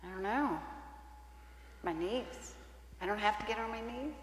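A woman's voice: medium pitch, a little slow, roomy sound, in a large hall, a little hiss or hum, close to an everyday voice. A woman playing a frustrated wife who is reluctant to pray, hesitant and comic.

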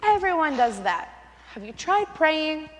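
A woman playing a friend who calmly urges prayer, reassuring and matter-of-fact. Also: high voice, unhurried, long reverb tail, full character voice. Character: patient friend urging prayer.

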